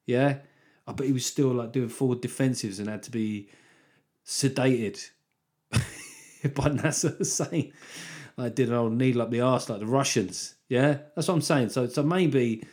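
A man's voice: mid-range voice, unhurried, darkish tone. A man hosting his own podcast as a comedian, talking in a rambling, sweary, self-deprecating way. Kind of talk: solo podcast monologue.

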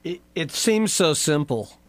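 Man, slow and deliberate, indignant commentary, slightly high voice, dry close sound. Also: sing-song, dry recording. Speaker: show co-host. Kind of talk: political commentary.

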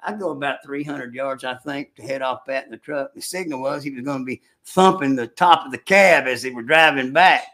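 An older man telling a hunting story in casual chat, with a folksy rural way of talking, animated when he acts out the shouting. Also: mid-range voice, fairly quick, few pauses. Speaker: storyteller recounting hunting trips.

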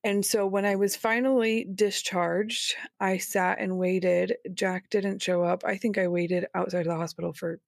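A woman's voice: medium pitch, little pitch movement, normal speed, gravelly, hardly any pauses, dry recording, clean studio sound. A woman speaking as a guest on an interview podcast, recounting her experiences in a frank, conversational way. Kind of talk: interview storytelling.

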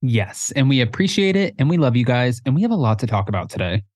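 A man's voice: medium pitch, sing-song, fast, a little mellow, no room sound, studio quality. Playful self-deprecating male podcast co-host. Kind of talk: casual podcast chat.

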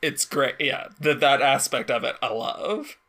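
A woman in casual conversation, animated and laughing often as she acts out quotes. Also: very deep voice, unhurried. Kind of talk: casual chat.

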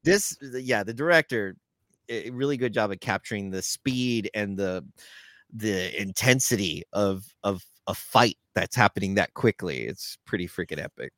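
A man co-hosting a casual movie review podcast, animated and profane, laughing often. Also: lowish voice, no room sound, clean studio sound. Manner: animated, swearing, laughing, quick asides. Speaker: podcast co-host.

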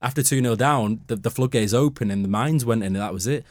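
A man's voice: mid-range voice, fast talker, no echo, clean studio sound. A man arguing football opinions emphatically in a casual panel chat.

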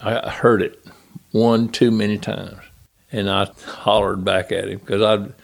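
Older man, gravelly voice, folksy yarn-spinner, guest on a podcast. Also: on the low side, unhurried. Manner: folksy, animated yarn-spinning with acted quotes. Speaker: guest, former crew chief. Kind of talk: storytelling interview.

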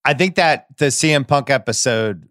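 A man's voice: mid-range voice, normal speed, a bit bright, no room sound, clean studio sound. A man hosting a podcast, chatting casually, enthusiastic and blunt, swearing now and then. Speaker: podcast host. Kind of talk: casual chat.

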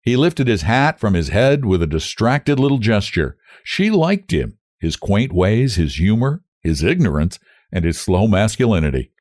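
A man reading a novel aloud in measured, expressive storytelling. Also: on the low side, no echo, studio quality. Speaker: audiobook narrator. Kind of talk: scripted narration of a novel.

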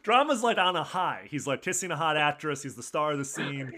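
A man's voice: on the high side, animated, fairly quick, pushed and bright. A married man co-hosting a casual podcast, talking eagerly about a TV episode and quoting its lines. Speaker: podcast co-host.

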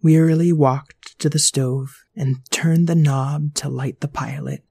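A performer narrating a children's story in a lively, storytelling manner. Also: mid-range voice, a little slow, slightly rough, dry recording, studio quality.

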